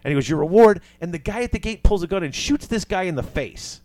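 A man's voice: high-pitched, expressive, fast talker, darkish tone, no echo. A man casually retelling a movie plot, acting out the characters' lines as he goes.

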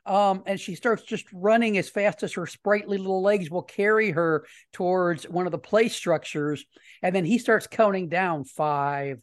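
A man hosting a casual podcast from a home studio, telling a story in a rambling, halting way with many restarts. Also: high-pitched. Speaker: podcast host.

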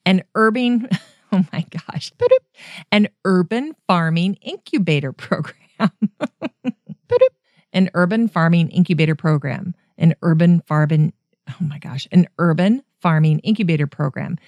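Woman host reading outtakes, laughing at her own slips; unhurried delivery, dead-dry room. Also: on the low side, lively intonation, a little mellow, no echo, muffled recording. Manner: self-mocking, laughs at her own flubs. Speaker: podcast host. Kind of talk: recording outtakes, reading segments aloud.

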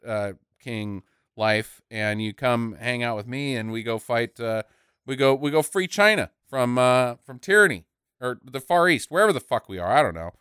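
A man voicing a laid-back male warrior who talks like a bro, low and mumbling with lots of fillers. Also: animated, normal speed, fairly bright tone, clear, resonant tone, dry recording, studio quality, natural voice. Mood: chummy.

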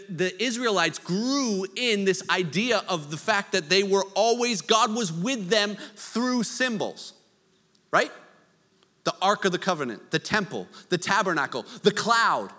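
A man preaching a sermon, conversational with joking asides, swinging from loud to hushed. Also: high voice, long reverb tail. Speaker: pastor.

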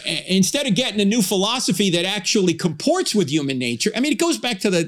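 Man hosting a radio interview; fairly high voice, chatty, loves reading quotes aloud. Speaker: radio show host.

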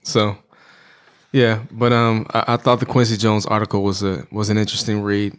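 A man co-hosting a casual chat, retelling stories in a relaxed way. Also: fairly low pitch, moderate pace, smooth.

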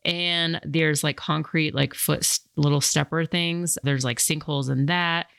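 Chatty woman host with gravelly edge. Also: low voice, steady tone, unhurried, a bit bright, no echo, clean studio sound. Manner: chatty, rambling, many fillers. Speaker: podcast host. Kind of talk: casual podcast chat.

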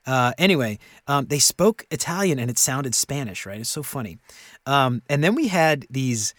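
A man in his thirties co-hosting a podcast in casual chat, animated and rambling, often laughing. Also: medium pitch, moderate pace, no room sound, studio quality. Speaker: podcast co-host.

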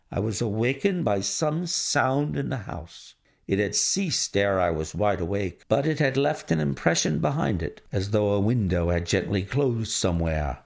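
A man narrating a classic detective story in a measured, formal first-person telling. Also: on the low side, vocal fry. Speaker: audiobook reader.

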